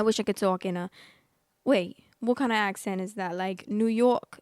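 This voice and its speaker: Chatty young woman, smooth close voice. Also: mid-range voice, normal speed, darkish tone, no echo. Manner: rambling, chatty, laughs at own jokes. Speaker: host. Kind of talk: casual chat reading and reacting.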